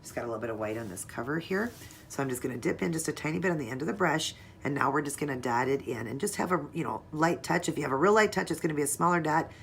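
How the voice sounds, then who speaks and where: A woman's voice: sits low, lively intonation, fast talker, creaky, slight background noise. A woman narrating a casual step-by-step nail art tutorial, chatting to viewers as she works. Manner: chatty, talks to viewers while working.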